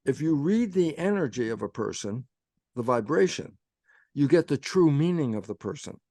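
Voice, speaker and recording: An older man speaking as a guest, explaining his ideas in an animated, conversational way and acting out both sides of his own inner dialogue. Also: a little high, moderate pace, no room sound, studio quality.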